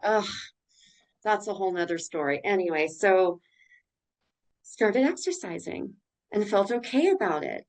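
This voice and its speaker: A woman's voice: medium pitch, low-quality recording. A woman guest on a podcast telling her personal story in a candid, emotional way, blunt and swearing now and then.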